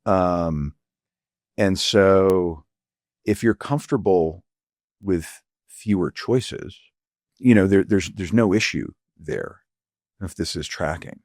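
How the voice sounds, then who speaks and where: Low, earnest man reflecting slowly. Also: a little mellow, dry recording, clean studio sound. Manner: halting, searching for words, many fillers; earnest and emotional. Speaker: physician guest. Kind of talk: reflective interview conversation.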